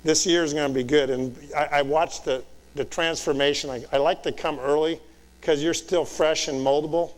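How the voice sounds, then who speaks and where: A man's voice: fairly high pitch, steady tone, moderate pace. A man in his fifties, a military commander, giving a direct motivational leadership talk to officer students, asking rhetorical questions and checking "Okay?". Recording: long reverb in a large hall.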